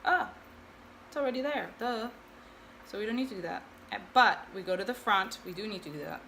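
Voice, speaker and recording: A woman's voice: medium pitch, animated, brisk, vocal fry, fairly bright tone, slight background noise. A woman hosting a casual sewing tutorial, chatting and thinking aloud with self-deprecating asides. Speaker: sewing video host.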